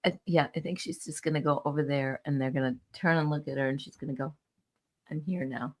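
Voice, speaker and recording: A woman's voice: low-pitched, steady tone, fast, darkish tone. A middle-aged woman co-hosting a casual podcast with her daughter, easygoing and laughing along. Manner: easygoing, laughs along, explains things plainly. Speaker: podcast co-host, the other host's mother. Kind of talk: casual comedic chat.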